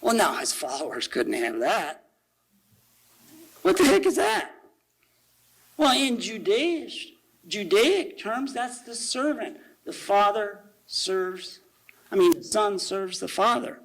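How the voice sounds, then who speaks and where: A man giving a conversational sermon at a church service, reading quotations aloud slowly and asking the congregation rhetorical questions. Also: high-pitched, very animated, fairly bright tone, rough recording.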